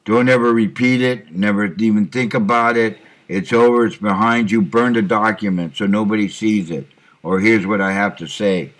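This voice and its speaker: A middle-aged man, a truck driver, talking to himself in a rambling monologue recorded on his computer, with many fillers and frequent throat clearing. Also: lowish voice, fairly even intonation, moderate pace. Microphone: computer microphone.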